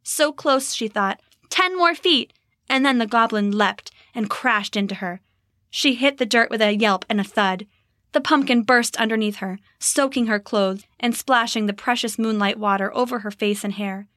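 A woman narrating a storybook in an expressive, measured way. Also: fairly high pitch, no echo, clean studio sound. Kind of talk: storybook reading.

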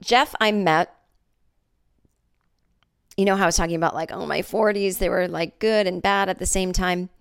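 A woman in her forties hosts a solo comedy podcast, chatting, joking, and spinning a made-up story full of acted-out voices. Her voice is lowish and smooth with vocal fry, fairly even in intonation, at normal speed with frequent pauses.

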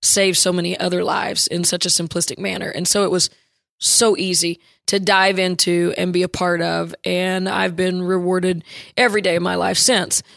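Gravelly, flat-toned woman telling a story. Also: on the low side, dry recording, studio quality. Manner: reflective, halting with fillers and restarts. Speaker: women's basketball coach, guest. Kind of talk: interview storytelling.

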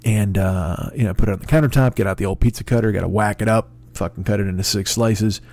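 A man's voice: fairly low pitch, steady tone, fast talker, a little mellow, no room sound. A man in a casual podcast monologue, telling an exasperated, profane story and acting out both sides of the conversation. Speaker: podcast host.

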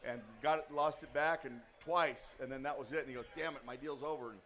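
A man's voice: mid-range voice, steady tone, fairly quick. A man being interviewed as a guest, talking about his sons' racing in a joking, earnest way. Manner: joking, then soft and earnest. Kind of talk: casual interview.

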